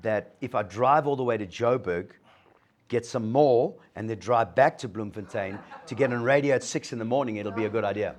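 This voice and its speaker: A man's voice: fairly low pitch, a little fast. Guy giving a recovery talk to a crowd, storytelling, doing voices for the other people. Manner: storytelling, acting out dialogue with lively voice shifts. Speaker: guest speaker sharing a recovery story. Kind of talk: motivational talk to an audience.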